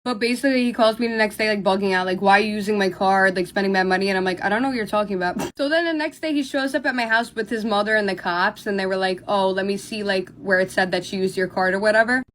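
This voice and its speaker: A young woman chats straight into her phone camera, telling a story. Her talk runs loose and casual, full of "like" fillers and quick asides. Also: medium pitch, fairly bright tone, slight background noise. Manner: rapid, filler-heavy telling with many "like"s. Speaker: storytime vlogger.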